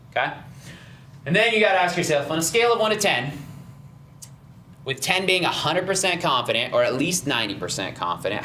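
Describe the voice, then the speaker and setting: A man's voice: mid-range voice, pushed and bright, slight background noise. Encouraging male fitness coach giving a casual nutrition seminar in a roomy studio, voice in the middle range. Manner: upbeat, encouraging, many "right?" and "okay?" checks.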